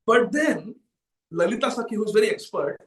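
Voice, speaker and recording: A high-voiced male preacher tells a devotional story with animated energy, slipping into characters and laughing often. He is recorded from a distance in a large temple hall with heavy room echo. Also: normal speed. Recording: echoey temple hall from far off.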